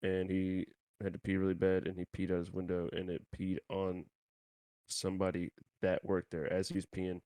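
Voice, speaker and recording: Low-voiced man telling crude stories. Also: completely flat delivery, moderate pace, dark tone, no room sound. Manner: crude, rambling storyteller with slangy asides. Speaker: podcast co-host. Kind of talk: casual chat.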